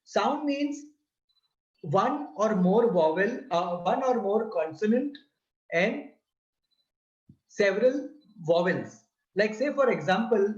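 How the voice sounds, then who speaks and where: Male religious teacher, unhurried and deliberate, recorded in a roomy space with muffled sound. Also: high-pitched, expressive. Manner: deliberate, repeats and spells out syllables. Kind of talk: slow explanatory lesson. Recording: roomy, slightly dull sound.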